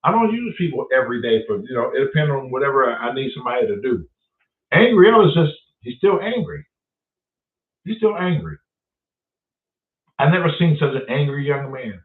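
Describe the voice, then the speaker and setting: This casual live streamer has a medium-pitched, sing-song voice, a moderate pace and long pauses. He tells profane stories and reads out chat names as he talks to viewers, over roomy, distant, phone-like audio.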